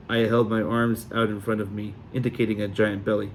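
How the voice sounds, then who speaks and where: A man narrating a novel aloud in a steady reading voice with occasional small slips. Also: on the low side, fairly quick, few pauses, a little hiss or hum. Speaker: audiobook reader. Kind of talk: amateur audiobook narration.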